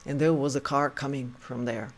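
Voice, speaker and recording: A man's voice: mid-range voice, steady tone, moderate pace. A man casually telling a personal story, full of fillers and acted-out quotes. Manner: filler-heavy, acts out quotes. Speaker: storyteller host.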